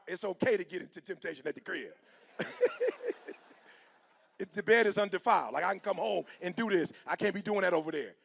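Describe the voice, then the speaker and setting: Middle-aged male motivational speaker; high, gravelly voice; animated preaching, slang-heavy, drops to a hush and rises loud. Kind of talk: motivational speech.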